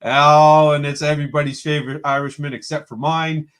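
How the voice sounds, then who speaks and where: A man's voice: on the high side, level tone, brisk, fairly bright tone. A man hosting a casual live-stream show from home, cheerfully greeting chat viewers one after another. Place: home room with a computer.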